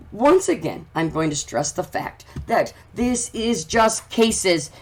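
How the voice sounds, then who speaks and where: A man hosting a commentary vlog, reading news aloud and ranting about it in a fervent, preachy way that urges his listeners. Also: fairly high pitch. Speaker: channel host.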